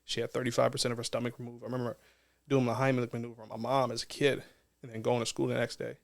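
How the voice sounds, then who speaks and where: A man's voice: mid-range voice, little pitch movement, very fast, gravelly. A man, a non-profit co-founder, telling a personal story in a casual interview in an earnest, reflective way.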